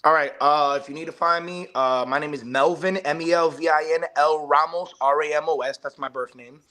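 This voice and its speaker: A man's voice: on the high side, fairly even intonation, a little fast, sharp tone. A man, a professional wrestler, talking as the guest on a live online interview show, with emphatic hype-style delivery. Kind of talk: podcast interview.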